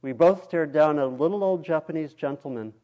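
A male meditation teacher reading a story aloud during a dharma talk, in a calm, measured way. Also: fairly high pitch, lo-fi sound.

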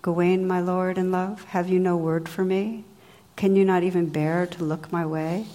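A woman voicing a gentle, wise enchanted lady in a read-aloud legend, speaking slowly and sweetly. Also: on the low side, fairly even intonation, long reverb tail, natural voice.

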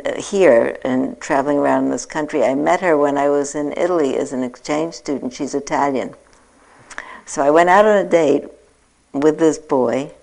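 An older woman in her sixties speaks in a low voice with a gravelly edge. She gives a reflective dharma talk as a meditation teacher and pokes gentle fun at herself along the way. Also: poor audio. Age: 60s. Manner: reflective, gently self-mocking storytelling.

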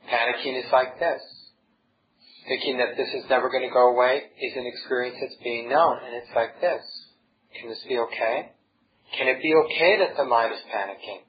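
A man giving a dharma talk as a meditation teacher, calm and reflective, speaking in gentle repeated phrases. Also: medium pitch, normal speed, dull audio. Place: meditation hall with a group.

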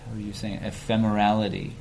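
A man speaking in a conversational dharma talk, slowly searching for his words. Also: fairly low pitch, flat delivery, vocal fry, mellow, slight background noise, rough recording.

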